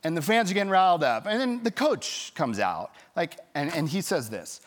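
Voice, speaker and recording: A man pastor preaching a sermon, telling a story in a lively way and acting out the people in it. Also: on the high side, normal speed, few pauses. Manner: storytelling, animated, acts out quoted voices.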